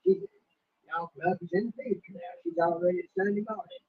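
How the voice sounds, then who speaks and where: Male co-host, husky, animated folksy chatter, lo-fi. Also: high voice, quick pace, dry recording. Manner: folksy, chatty, reads viewer comments aloud. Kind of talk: casual livestream chat. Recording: dull lo-fi stream audio.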